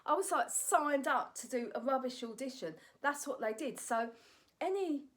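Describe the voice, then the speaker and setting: Blunt woman, a stand-up comic, telling her story to a phone camera. Slightly high voice, animated, lots of "right?". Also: normal speed.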